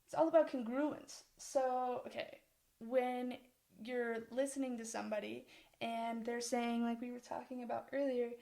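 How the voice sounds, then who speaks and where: A woman's voice: fairly high pitch, fairly even intonation, moderate pace, gravelly, mellow. A young woman co-presenting course material in a casual discussion, rambling, often breaking off mid-thought and laughing.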